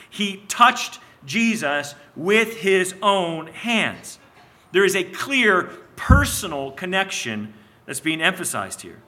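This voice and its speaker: A man preaching an expository sermon, teaching in a measured way, slowing on key phrases and sometimes restarting his words. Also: sits high, sharp tone. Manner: restarts and repeats words as he goes.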